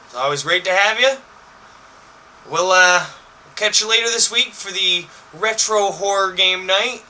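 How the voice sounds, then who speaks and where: A man's voice: high voice, unhurried, pushed and bright. Man reading a spooky story aloud on stream. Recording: distant mic with faint noise.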